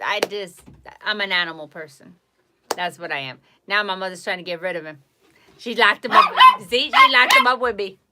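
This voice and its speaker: A woman host casually chatting on a home live stream, animated and cooing baby talk to her dog at times. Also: medium pitch, normal speed, noisy background.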